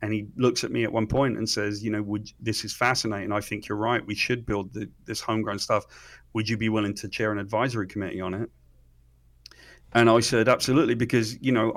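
A middle-aged man, an interview guest telling stories excitedly, swearing freely and often restarting his sentences. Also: lowish voice. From Britain. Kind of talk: animated storytelling in conversation.

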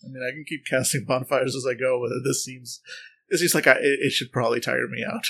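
A man's voice: medium pitch, fairly even intonation, fairly quick, creaky, sharp tone, husky. A man playing in a tabletop game, chatting casually and explaining his character's powers. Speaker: player.

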